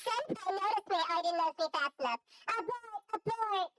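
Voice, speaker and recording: A man using a voice changer to play a shrill, whiny woman who sounds like a chipmunk. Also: a little fast, pushed and bright, no echo, low-quality recording. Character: squeaky chipmunk-like "Karen" woman.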